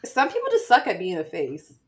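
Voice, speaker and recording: A woman's voice: lowish voice, a little fast, a crowd in the background. A woman co-hosting a podcast, chatting casually with lots of fillers and laughter. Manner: animated, laughs a lot, filler-heavy. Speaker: podcast co-host. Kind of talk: casual chat.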